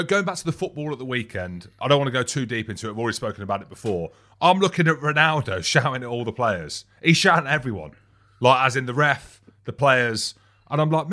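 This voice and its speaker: A man's voice: mid-range voice, bright, forceful tone. A man co-hosting a casual sports podcast who tells funny stories and teases his co-host. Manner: joking, storytelling, teasing. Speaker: podcast co-host, former rugby player.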